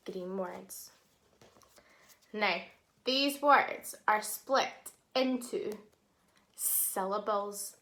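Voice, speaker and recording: A woman with a mid-range voice teaches young children a phonics lesson. She sounds out words syllable by syllable and praises the kids warmly.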